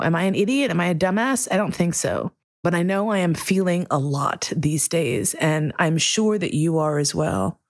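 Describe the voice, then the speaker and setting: A woman hosting her own podcast, speaking earnestly and emotionally to listeners, with frank, profane warmth. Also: low voice, no echo, studio quality. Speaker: podcast host. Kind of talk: heartfelt solo podcast monologue.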